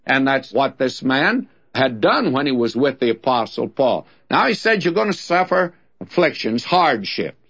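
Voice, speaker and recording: A man's voice: medium pitch, very animated, normal speed, hardly any pauses, a bit bright, husky. A man teaching the Bible on a radio program, talking in a folksy, plainspoken and conversational way. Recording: dull lo-fi radio recording.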